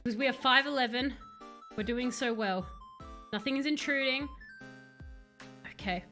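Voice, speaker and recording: Bright high-voiced woman streaming a game. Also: normal speed, soft background music. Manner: jumpy, chatty, talks to chat. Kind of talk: live game stream commentary. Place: home room, playing at a computer.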